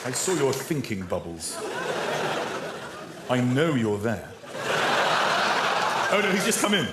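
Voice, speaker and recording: Animated comedy host, roomy studio. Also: male voice, medium pitch, slow pace, pauses often, over a noisy crowd, heavy background noise. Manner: animated, teasing, exclaiming. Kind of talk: comedic hosting, reading out texts. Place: TV studio with live audience. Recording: roomy studio with loud audience laughter.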